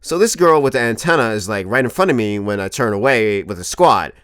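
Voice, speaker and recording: A man in his twenties telling a comic story to camera as a vlogger, animated and profane, often laughing. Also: on the low side, a little fast, smooth, no echo, clean studio sound. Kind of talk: comedic storytelling monologue.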